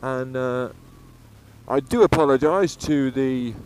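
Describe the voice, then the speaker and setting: A man's voice: mid-range voice, takes it slowly, darkish tone, clear, resonant tone. Chatty English-born man rambling while riding. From England. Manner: rambling and chatty, swears freely. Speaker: motorcycle vlogger. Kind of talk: casual riding commentary. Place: outdoors on a moving motorcycle on the road. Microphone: helmet-mounted action camera. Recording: faint road and engine noise.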